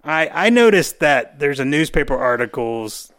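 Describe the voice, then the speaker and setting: A man's voice: on the high side, moderate pace. Man recapping a TV scene. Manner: animated, acts out scenes with put-on quotes. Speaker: podcast co-host. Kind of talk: casual chat recapping a TV episode.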